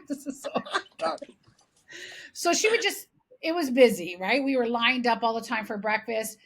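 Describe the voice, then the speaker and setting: Middle-aged woman podcast co-host from Canada, husky, a bit high, animated and foul-mouthed. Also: a little slow, long pauses. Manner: animated, swears freely. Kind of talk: casual storytelling chat.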